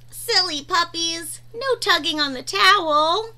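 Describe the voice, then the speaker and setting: A woman reading a children's picture book aloud in a gentle, sing-song way, chatting to her dog between pages. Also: very high-pitched, lively intonation, takes it slowly, few pauses. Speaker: storyteller.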